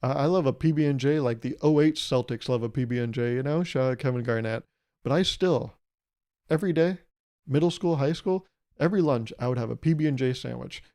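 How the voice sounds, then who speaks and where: A man's voice: medium pitch, fairly quick, darkish tone. A man in his twenties hosting a solo podcast, rambling and joking as he acts out little quoted exchanges. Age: 20s. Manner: rambling, jokey, swears freely, acts out quotes. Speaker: podcast host. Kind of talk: casual solo podcast monologue.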